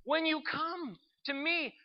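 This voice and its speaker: A storyteller voicing a patient, loving divine spirit in a calm, slow, tender way. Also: sits high, highs cut off, pitched above the performer's own voice.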